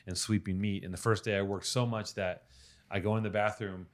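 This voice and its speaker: A man's voice: fairly low pitch, fairly even intonation, a little fast. A man hosting a podcast in casual chat, joking around and swearing freely. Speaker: podcast host.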